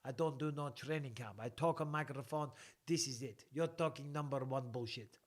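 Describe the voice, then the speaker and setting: A man doing a gruff Russian fighter. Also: medium pitch, normal speed, lightly acted. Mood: dismissive. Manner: broken clipped English, stern repetition. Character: gruff Russian male fighter, blunt and dismissive.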